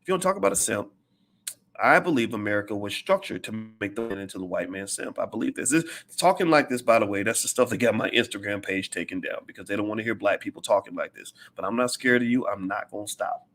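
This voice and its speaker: A man's voice: on the low side, lively intonation, fast, a bit bright, a little hiss or hum. A middle-aged man giving an impassioned, preachy monologue as a commentator, hammering his points with repetition.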